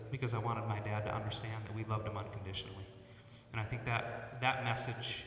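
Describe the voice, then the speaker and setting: Man giving a halting eulogy in an echoey church. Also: lowish voice. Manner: halting, often repeats words; personal storytelling. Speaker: eulogist, son of the deceased; church worship leader. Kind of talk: funeral eulogy. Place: church sanctuary. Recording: echoey church hall from far off.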